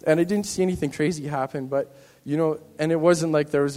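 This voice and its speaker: A man's voice: on the high side, steady tone, fairly quick, mellow, long reverb tail. A man in a church giving an earnest, rambling personal testimony to the congregation, often restarting his sentences. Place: church hall.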